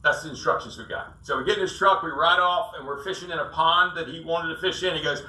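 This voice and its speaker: A man's voice: fairly high pitch, fairly even intonation, quick pace, few pauses, sharp tone. A man giving a casual sales talk to an audience, telling stories and acting out quotes in a folksy way. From South Carolina. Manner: storytelling, acts out quotes, folksy asides. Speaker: sales coach speaker. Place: roomy event hall. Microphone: distant room mic. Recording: echoey room, voice from far off.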